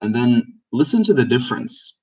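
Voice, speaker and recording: A man's voice: mid-range voice, sing-song, moderate pace, slightly rough, recorded from a distance, low-quality recording. A man, an Arabic speaker, teaching his language in a casual live Q&A and repeating words for emphasis. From Egypt. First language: Egyptian Arabic.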